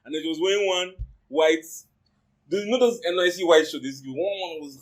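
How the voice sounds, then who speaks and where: A man's voice: sits high, normal speed, low-quality recording. A young man with a Nigerian accent, animatedly telling how he met his wife and acting out the lines of the people in the story. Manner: animated, acts out quoted speech, pidgin slang. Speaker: co-host. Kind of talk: casual storytelling.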